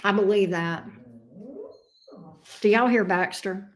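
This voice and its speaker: A woman's voice: mid-range voice, takes it slowly. A woman tarot reader, chatting casually and playfully on her livestream with frequent fond asides. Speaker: tarot reader and channel host.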